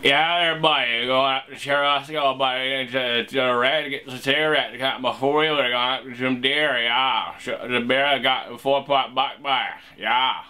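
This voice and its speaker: A man's voice: mid-range voice, fairly even intonation, moderate pace, few pauses, pushed and bright, smooth, natural voice. A man doing a rambling upstate New York country guy. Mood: boisterous.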